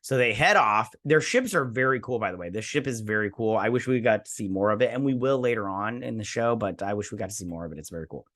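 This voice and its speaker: A man's voice: fairly low pitch, animated, fast talker, hardly any pauses, fairly bright tone. A man hosting a TV review show, recapping an episode in a rambling, enthusiastic way with lots of fillers and restarts.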